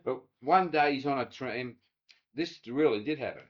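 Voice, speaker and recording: An older Australian man, a retired waterside worker being interviewed, spins oral history yarns at a moderate pace in a mid-range voice. He acts out quoted voices and swears casually, captured on dull lo-fi archive tape.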